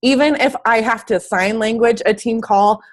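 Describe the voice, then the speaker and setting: Though ill and a bit wheezy, this fitness coach delivers a peppy, emphatic pep talk in casual slang over a team call from her bed at home. Her pitch is a little high and she keeps a moderate pace.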